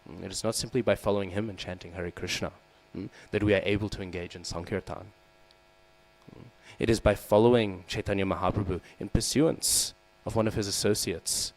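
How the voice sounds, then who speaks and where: A deep-voiced man gives a scripture class sermon in a temple hall as a devotional speaker, frequently checking in with "hmm?" and "right?" and acting out quoted lines with a raised voice. The audio is poor, with low mains hum in the background.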